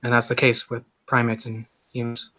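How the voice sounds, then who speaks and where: A man's voice: medium pitch, completely flat delivery, normal speed, bright, forceful tone, no room sound. A man in a debate explaining genetics in a technical, matter-of-fact way. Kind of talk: live debate argument.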